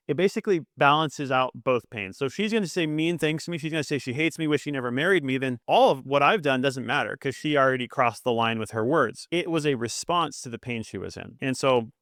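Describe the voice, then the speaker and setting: A middle-aged man co-hosts a marriage podcast and talks quickly and earnestly. He often slips into quoted dialogue as he tells his story. His voice sits mid-range and is recorded dry and close. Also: medium pitch, gravelly, a bit bright, no echo. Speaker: podcast co-host. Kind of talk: candid marriage advice chat.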